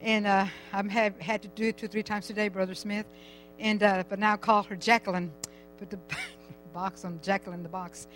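A woman's voice: medium pitch, flat delivery, normal speed, fairly bright tone, faint music behind, poor audio. An older woman giving a rambling, chatty personal testimony in church, laughing now and then as she talks.

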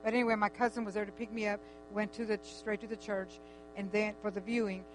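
An older woman with a drawl tells a rambling personal story. She is lively and chatty, acting out what people said. Faint music and a low mains hum sit behind her voice. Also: quick pace, low-quality recording. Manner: animated, chatty, with frequent restarts and quoted dialogue.

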